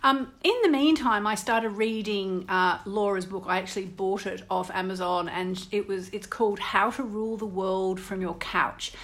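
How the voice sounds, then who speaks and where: A woman with an Australian English accent hosts a radio show in a relaxed, casual way. She talks in an animated, chatty manner and tells stories. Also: medium pitch, moderate pace, hardly any pauses. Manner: chatty, storytelling, laughs often, animated. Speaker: astrologer and radio show host.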